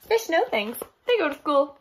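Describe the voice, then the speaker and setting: A woman voicing an excited high little tadpole boy. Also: moderate pace, a little hiss or hum. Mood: eager. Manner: excited, wide-eyed, eager. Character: eager cheerful young male tadpole. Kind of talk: picture-book read-aloud.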